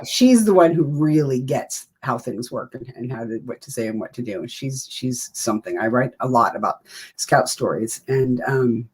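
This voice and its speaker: A woman's voice: very deep voice, a little mellow, breathy edge. A woman in her fifties, a guest in an interview, talking in a chatty, rambling way with self-deprecating humor. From United States. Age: 50s. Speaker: writer and guest. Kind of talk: casual interview talk.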